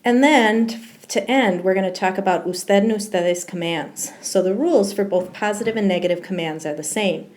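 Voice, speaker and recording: Teacher lady going over grammar rules, steady mid voice, says um a lot. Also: mid-range voice, normal speed, few pauses. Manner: explains step by step, with frequent ums. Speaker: Spanish teacher. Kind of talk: recorded slideshow grammar lesson.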